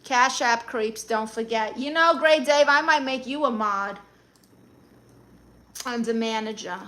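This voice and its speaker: A woman with a thick Brooklyn accent chats casually with her viewers. Her voice sits slightly high and rings bright and forceful. She answers comments with sassy, quick comebacks. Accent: Brooklyn New York. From Brooklyn, New York. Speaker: comedian live-streamer reading chat. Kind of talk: casual live-stream chat.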